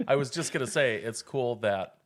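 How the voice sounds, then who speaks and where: A man's voice: mid-range voice, moderate pace, a crowd in the background. A man co-hosting a casual coffee podcast, laid-back and mumbling asides. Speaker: podcast co-host. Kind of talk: casual chat, coffee tasting.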